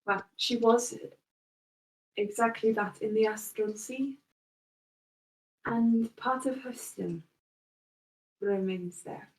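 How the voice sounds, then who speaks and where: A woman's voice: fairly high pitch, slow, long pauses. Woman game master on a distant, roomy mic. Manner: relaxed, filler-heavy narration. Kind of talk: narrating a tabletop game.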